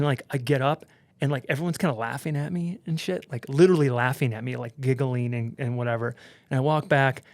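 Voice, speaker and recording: A man, a podcast guest, telling a story in an animated, casual way, with lots of swearing and fillers. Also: medium pitch, no room sound. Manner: animated, profane, heavy use of "like".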